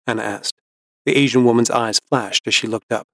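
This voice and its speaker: Man, audiobook narration, steady even read, dry close sound. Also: lowish voice, moderate pace, no room sound. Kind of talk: scripted narration.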